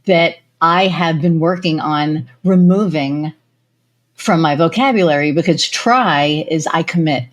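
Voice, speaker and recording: A woman's voice: low-pitched, unhurried. A woman hosting a podcast interview, chatting casually and giving her guest plenty of affirmation. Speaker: podcast host.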